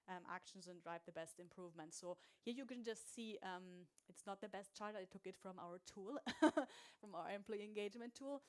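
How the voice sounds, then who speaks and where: Woman speaker, mid pitch, smooth clear voice, casual presenting style with fillers. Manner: casual, chatty, many "um"s and light laughs. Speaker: speaker at a meetup. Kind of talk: conference presentation.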